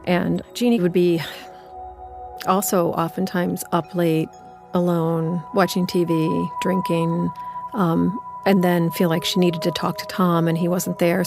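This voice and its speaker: Brief: woman, low gravelly voice, reflective storyteller, music underneath. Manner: reflective, conversational. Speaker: narrator. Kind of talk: personal storytelling.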